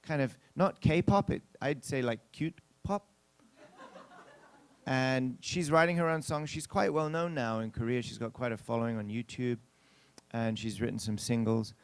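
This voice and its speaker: A man's voice: medium pitch, moderate pace, smooth. A male pastor telling a story in a sermon, chatting with the congregation and acting out what people said. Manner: chatty anecdotal telling with acted-out quotes; addresses the congregation directly.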